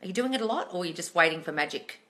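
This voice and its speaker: Blunt, sharp-voiced woman coach. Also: fairly low pitch, expressive, rapid-fire. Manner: blunt, profane, scolding; sarcastic mimicry of viewers. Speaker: manifesting coach. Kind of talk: live-stream question and answer.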